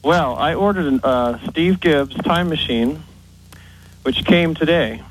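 A man's voice: on the high side, slow, a little hiss or hum, poor audio. A man calling in to a radio show, nervous and earnest as he explains his plans. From United States. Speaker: caller. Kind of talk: phone-in chat.

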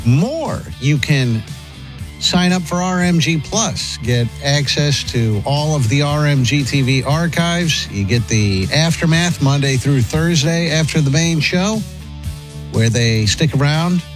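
A man's voice: fairly high pitch, slow, over music. A man hosting a morning radio show, chatting casually and acting out what people in a video say. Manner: animated, acts out what players say. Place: studio.

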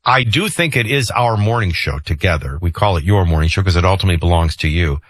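A man's voice: deep voice, animated, quick pace, a bit bright, no echo. A middle-aged man hosting a morning talk radio show, talking emphatically and conversationally with frequent fillers. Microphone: studio microphone.

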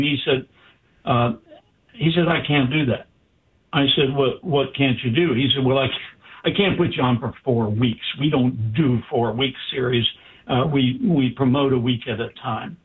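Doctor guy spinning a story, voices all the quotes, kinda raspy, sounds like it's over the phone. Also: mid-range voice, normal speed. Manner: animated, acts out quoted dialogue. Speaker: doctor, interview guest. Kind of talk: anecdotal storytelling. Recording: tinny phone-like line.

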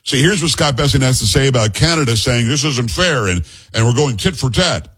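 A man's voice: mid-range voice, expressive, a little fast, noisy background. A middle-aged man hosting a podcast in casual chat, rambling into joking asides and teasing his co-host. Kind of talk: casual talk-show chat.

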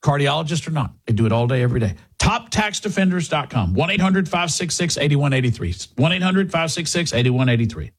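A radio host with a slightly high voice reads a sponsor ad. He sounds urgent and speaks directly to the listener. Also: lively intonation, a little fast, hardly any pauses, slightly rough. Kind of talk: host-read advertisement.

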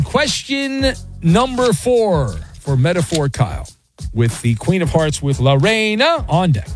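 Animated sports-radio host man, bouncy pitch. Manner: lively, joking, quick asides. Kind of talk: sports talk quiz game.

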